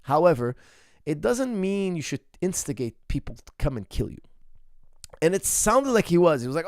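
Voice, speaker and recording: A man's voice: on the high side, sing-song, normal speed, no echo, studio quality. A man, a martial arts coach, answers viewer questions in a casual chat. He talks in a rambling, emphatic way and often restarts his sentences. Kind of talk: casual ask-me-anything chat.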